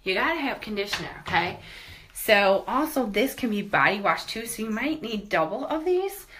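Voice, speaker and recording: A woman's voice: medium pitch, big pitch swings, normal speed, a bit bright. Upbeat woman chatting on a house tour. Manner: upbeat, chatty, says "okay?" and "guys" often. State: out of breath. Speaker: vlogger giving a house tour. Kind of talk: casual product tour talking to camera. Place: inside a house, walking from room to room.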